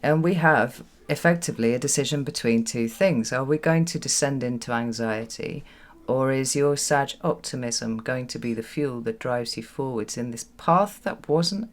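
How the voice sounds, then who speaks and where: A tarot reader giving a solo reading to camera in a reflective way, often repeating words for emphasis and checking in with "right?". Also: medium pitch. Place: home with children nearby.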